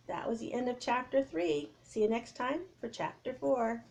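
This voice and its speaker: A woman's voice: a little high, normal speed, hardly any pauses. Woman reading a children's book aloud. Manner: expressive, lively storytelling. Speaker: children's story reader.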